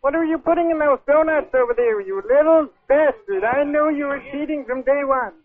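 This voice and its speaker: A man's voice: very high-pitched, a little fast. A man on a prank call putting on a rude, accusing fake detective character. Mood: blustering. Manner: blustering, insulting, shouting at times. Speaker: prank caller. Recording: tinny phone line.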